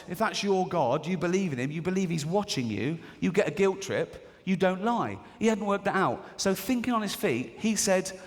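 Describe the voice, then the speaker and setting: A man in his forties with an English accent doing a live stand-up routine, mocking and acting out characters in silly voices, giggling at his own jokes. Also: sits high. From England. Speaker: stand-up comedian. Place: large theatre stage. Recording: live theatre recording with long reverb and audience. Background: audience laughter.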